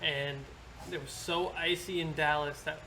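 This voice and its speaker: A man calmly recounting a travel delay in casual podcast chat, matter-of-fact. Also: on the high side, a little slow, a little hiss or hum, poor audio. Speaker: podcast co-host.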